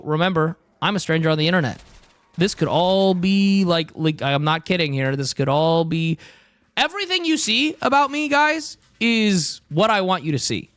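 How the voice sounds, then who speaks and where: A man's voice: on the high side, fairly bright tone, no room sound. A young man streaming live who rambles casually, swears freely and keeps saying "dude" and "bro". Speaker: livestreamer.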